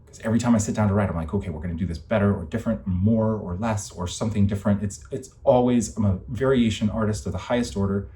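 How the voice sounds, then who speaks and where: A young man talks straight to the camera in a rambling, impassioned monologue, his voice sitting somewhat low. He speaks emphatically, drifts from point to point and swears freely as his frustration builds. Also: fast talker, hardly any pauses, dark tone, a little hiss or hum. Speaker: vlogger.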